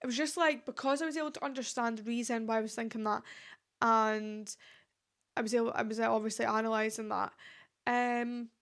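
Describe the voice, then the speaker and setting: Woman, podcast host, casual rambling chat, slightly high and gravelly, lots of fillers. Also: fairly even intonation, fairly quick, fairly bright tone. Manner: chatty, rambling, heavy use of "like" fillers. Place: at home. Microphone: podcast microphone.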